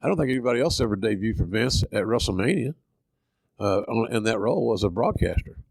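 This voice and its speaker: A man's voice: fairly low pitch, lively intonation, fast talker, gravelly, husky, no room sound, low-quality recording. An older man with a Southern Oklahoma accent, hosting a podcast and telling stories in a folksy, salty, self-deprecating way. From Oklahoma, USA. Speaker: podcast host. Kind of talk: casual storytelling.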